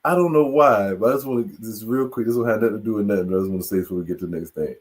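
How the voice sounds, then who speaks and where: A man in casual group chat, loose and joking with quick asides. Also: on the low side.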